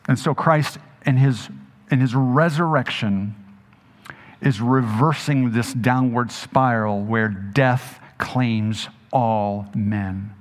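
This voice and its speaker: A male pastor delivering a sermon with a mid-pitched voice. He talks in an animated, conversational way, throwing questions at his listeners and doubling words for emphasis. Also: takes it slowly. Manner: conversational, asks the audience questions.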